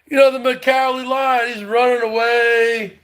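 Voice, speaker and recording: A man doing a comic impression of a brash loudmouth who taunts a rival over and over in shouty bursts. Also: very high-pitched, little pitch movement, moderate pace. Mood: taunting. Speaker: parody comedian. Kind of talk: comedic impression rant.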